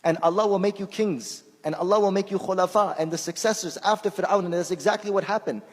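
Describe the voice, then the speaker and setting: Speaking quickly in a high male voice, a shaykh who is a native Persian speaker delivers a casual, anecdote-filled sermon. He talks conversationally, repeating words as he gropes for the next one and performing quoted voices, with long hall reverb on the recording.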